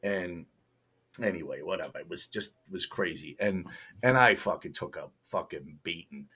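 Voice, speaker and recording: A man's voice: deep voice, normal speed, breathy edge. A man, a guest telling firehouse stories in a profane, emphatic way. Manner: profane, animated, emphatic storytelling. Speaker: podcast guest, retired firefighter. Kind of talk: casual storytelling.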